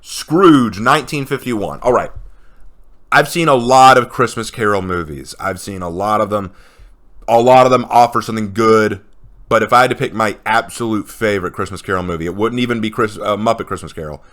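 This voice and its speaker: A man's voice: on the low side, a little fast, fairly bright tone. A man co-hosting a casual chat, retelling favorite film scenes with enthusiasm. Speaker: co-host of a movie list video.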